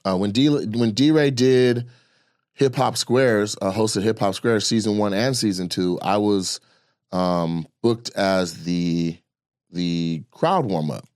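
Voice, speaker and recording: A man talking in a casual podcast chat, animated and loose, swearing freely. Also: fairly low pitch, slow, no echo, clean studio sound. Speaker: comedian and podcast guest.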